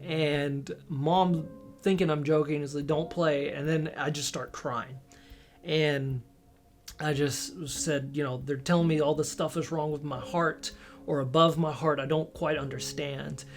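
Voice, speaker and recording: A man telling a personal story in a casual, halting way, often restarting sentences and acting out what others said to him. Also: on the high side, steady tone, faint music behind. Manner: halting, with many restarts and quoted dialogue. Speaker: storyteller recounting a personal experience.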